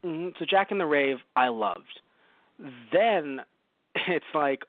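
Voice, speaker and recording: A man's voice: fairly high pitch, expressive, takes it slowly, no echo. A man co-hosting a podcast, reviewing a show in rambling casual chat with a lot of swearing. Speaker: podcast co-host. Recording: dry, phone-like narrow audio.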